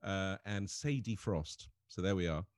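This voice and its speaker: An English man telling funny stories in casual chat, animated and often laughing as he talks. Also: deep voice, unhurried, dry recording. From England. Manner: animated storyteller, laughs through his stories. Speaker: comedian guest.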